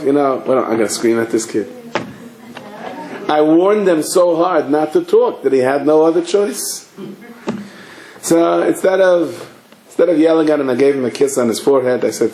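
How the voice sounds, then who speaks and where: Storytelling rabbi in an echoey hall. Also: male voice, a little high, normal speed. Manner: animated storytelling, acts out dialogue. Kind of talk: sermon. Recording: echoey room, faint ambience.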